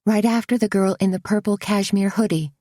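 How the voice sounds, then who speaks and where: A woman's voice: mid-range voice, fairly even intonation, brisk, mellow, no room sound, studio quality, voice pushed up, natural voice. A woman voicing an eager, gushing woman shop assistant in a storybook reading. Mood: encouraging. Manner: gushing, urging.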